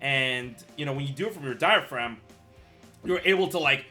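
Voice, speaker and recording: A man's voice: medium pitch, moderate pace, sharp tone, faint music behind. A man hosting a live stream, chatting casually and rambling, restarting sentences often and swearing freely. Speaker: show host. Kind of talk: casual chat. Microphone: streaming mic.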